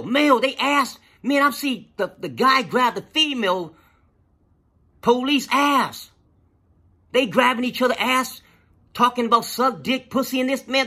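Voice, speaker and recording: A man tells a story from his own life, swearing freely and getting animated. His voice sits a little high, with a bright, husky timbre. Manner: profane, animated, lots of fillers. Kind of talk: casual personal storytelling.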